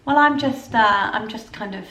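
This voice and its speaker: A woman's voice: on the high side, normal speed, fairly bright tone. Rambling British woman vlogging at home. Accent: British English. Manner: rambling, chatty, self-described waffling. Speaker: lifestyle vlogger. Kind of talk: casual vlog chat to camera. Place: at home, indoors.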